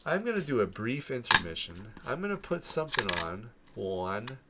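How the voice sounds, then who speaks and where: A man's voice: mid-range voice, sing-song, normal speed, very noisy. A man from Florida with a New York accent, rambling casually to viewers as he sorts through coins and trails off mid-sentence. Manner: laid-back, talks to himself, trails off mid-sentence. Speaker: coin collecting channel host. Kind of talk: rambling casual commentary while sorting coins. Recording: loud clinking coins and typing close by. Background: coins dropping and keyboard typing.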